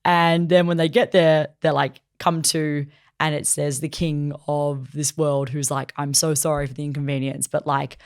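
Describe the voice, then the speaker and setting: A woman co-hosting a casual anime chat, retelling a plot in animated style and acting out the characters' lines with lots of "like". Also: low voice, moderate pace. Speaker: podcast co-host reviewing anime.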